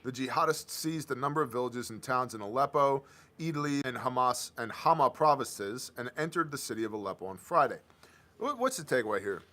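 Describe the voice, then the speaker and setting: Bright-voiced male stream host. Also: mid-range voice, lively intonation, fairly quick. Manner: sarcastic, loose, reads headlines aloud then riffs. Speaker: host of a live news-commentary stream. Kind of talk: casual news commentary on a live stream.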